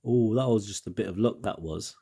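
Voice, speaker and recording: Low gravelly British man rambling over gameplay. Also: a little fast, warm tone. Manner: rambling, chatty, self-mocking asides. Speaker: game commentator. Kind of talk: casual gameplay commentary.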